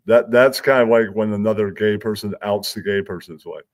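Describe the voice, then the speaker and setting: A man's voice: on the low side, steady tone, a little fast. A man hosting a stream, rambling through a crude, self-amused comedic monologue. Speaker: stream host.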